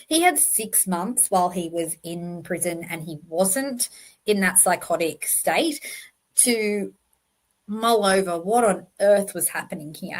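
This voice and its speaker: A woman's voice: on the low side, fairly bright tone, husky. A woman hosting a true crime channel, giving emphatic, passionate commentary over slides and correcting herself as she goes.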